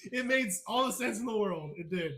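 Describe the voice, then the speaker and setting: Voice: mid-range voice, animated, normal speed, fairly bright tone, low-quality recording. A game master narrating a tabletop game on a live stream, laughing often and telling the story with energy.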